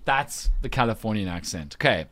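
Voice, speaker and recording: A man hosting a radio breakfast show, teasing and lively, with quick asides. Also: on the low side.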